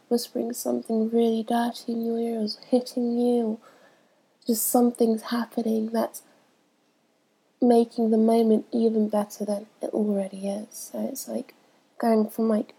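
A woman's voice: on the high side, creaky, mellow, slightly rough, poor audio. A young woman with a stuffy, congested voice from a cold, chatting casually and hesitantly as she answers a questionnaire. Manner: hesitant, many ums, laughs between answers. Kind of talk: casual chat.

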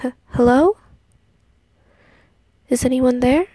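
A woman's voice: high voice, takes it slowly, warm tone, dry recording, pitched above the performer's own voice. Whispered role-play: a woman voicing a timid young princess. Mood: frightened. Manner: stammering, breathy.

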